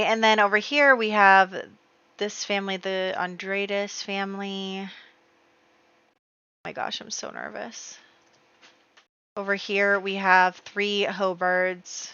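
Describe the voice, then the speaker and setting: A woman hosting a casual gameplay video, excitable and full of exclamations as she talks to her viewers. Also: medium pitch, slow pace, pauses often, smooth, dry recording, highs cut off. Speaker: let's play host.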